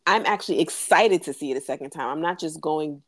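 A woman co-hosting a podcast in casual chat, an animated storyteller who laughs often. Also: low voice, a little fast, no room sound, studio quality. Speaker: podcast co-host.

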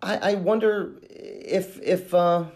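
A man hosting a true-crime podcast, thinking aloud in a halting way with many restarts as he talks through a case. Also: high voice, fairly even intonation, darkish tone. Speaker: podcast host and case investigator.

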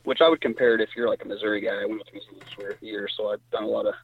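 A middle-aged man from Indiana, a hunter telling stories in casual talk and jumping up in pitch when he quotes others. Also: rapid-fire, breathy edge. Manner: animated storyteller, voice jumps high when quoting others. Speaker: guest hunter. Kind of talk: casual storytelling. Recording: tinny phone line.

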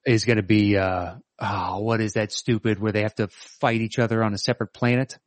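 Middle-aged male co-host, lowish voice, hesitant and thinking aloud. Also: little pitch movement, fairly quick, dry recording. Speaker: podcast co-host. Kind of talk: casual chat.

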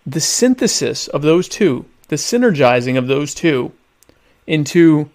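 Deadpan man hosting a rambling live show. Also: on the high side, unhurried. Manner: deadpan, mock-pompous humor; rambling, self-interrupting. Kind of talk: casual live-stream chat.

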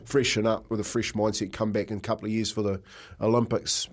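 A man's voice: on the low side, little pitch movement, a little fast. Middle-aged New Zealand man, co-host; rambling storyteller, talks casually. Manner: rambling, says "mate" a lot.

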